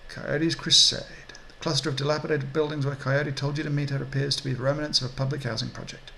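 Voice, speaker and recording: A man's voice: medium pitch, level tone, racing, creaky, a bit bright, slight background noise, rough recording. A man hosting a game playthrough, reading the story text aloud with casual asides. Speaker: let's play host and reader.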